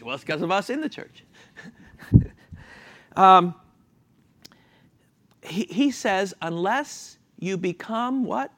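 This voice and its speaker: Animated preacher man. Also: high voice. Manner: animated, asks questions and answers them, chuckles. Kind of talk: sermon with questions to congregation.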